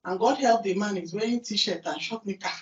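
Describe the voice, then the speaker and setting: A woman with a Nigerian accent giving a lively conference talk, asking the audience questions and then answering them herself. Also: medium pitch, brisk. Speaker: conference speaker. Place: large conference hall. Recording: distant, roomy, dull hall recording.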